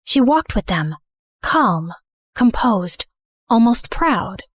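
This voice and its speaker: A young woman narrating an animated story in first person, earnest and emotional. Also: on the high side, takes it slowly, dry recording, studio quality.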